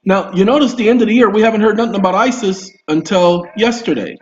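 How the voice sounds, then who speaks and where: A man speaks straight to his viewers in a rambling, emphatic monologue. His voice sits a little high. The sound is roomy and a bit dull, like a home recording. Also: quick pace. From Southern US roots. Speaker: video host. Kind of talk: casual monologue to camera.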